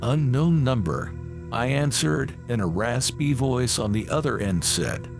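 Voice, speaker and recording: Give me a gravelly man telling a horror story in a lively voice over faint music. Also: medium pitch, a little slow. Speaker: narrator. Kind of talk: scripted horror narration.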